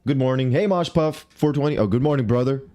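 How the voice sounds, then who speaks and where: A streamer livestreams a game with casual commentary, talking to himself and greeting viewers, mildly exasperated as he searches around. He talks fast in a medium-pitched, mellow voice.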